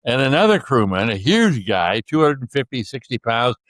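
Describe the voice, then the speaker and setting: An older man from the Pacific Northwest tells stories from his life as a guest. He speaks in halting bursts, with many fillers and restarts, and chuckles now and then. The sound is dry and close. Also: mid-range voice, sing-song, a bit bright, no room sound. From Tacoma, Washington. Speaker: guest author. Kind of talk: storytelling interview.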